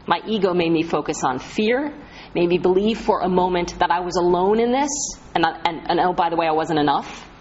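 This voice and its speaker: A woman's voice: fairly low pitch, a little fast, a little mellow, slight background noise. A woman acting as a spiritual medium, giving an inspirational talk as earnest storytelling and leaning hard on key phrases. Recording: slightly muffled lo-fi recording.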